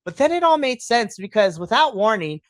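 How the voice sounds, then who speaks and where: A podcast host recapping a wrestling show in casual chat, excitable and profane, acting out their own reactions. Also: medium pitch, normal speed, no echo.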